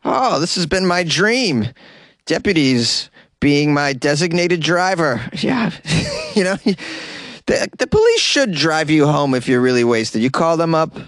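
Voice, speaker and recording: Male podcast host, slightly higher voice, dead-dry closet sound, jokey riffs. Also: very animated, a little slow, a bit bright, no room sound. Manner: joking asides and riffs. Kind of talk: comedic news podcast. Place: closet in a home.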